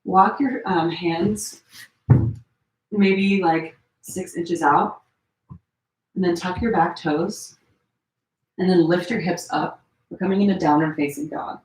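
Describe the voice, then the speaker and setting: Chatty woman guiding a gentle yoga class. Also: lowish voice, slow pace, long pauses. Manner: relaxed, chatty cueing with many fillers; demonstrating poses while talking. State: slightly strained while holding poses. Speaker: yoga teacher. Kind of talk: live-streamed yoga class instruction. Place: room at home. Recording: echoey room.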